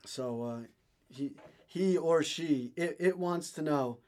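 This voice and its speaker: A man co-hosting a podcast, talking in a halting way with many fillers in crude, joking banter. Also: a little high, a little mellow. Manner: halting, lots of fillers and laughter. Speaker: podcast co-host.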